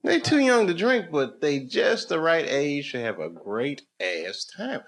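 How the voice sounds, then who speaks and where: A man's voice: fairly high pitch, big pitch swings, measured pace. A man doing stand-up crowd work on a comedy club stage, telling loose stories with lots of laughter and swearing. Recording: live club recording with crowd noise.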